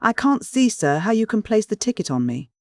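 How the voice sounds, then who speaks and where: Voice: mid-range voice, sing-song, fairly quick, darkish tone, no echo, clean studio sound, voice pushed up. A narrator voicing a cool, defiant American sea captain who speaks with a drawl.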